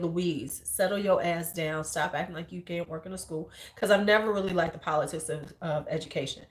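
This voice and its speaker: A woman in her forties with a Chicago accent, a high school teacher telling stories in a blunt, profane and animated casual chat, acting out the people she quotes. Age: 40s.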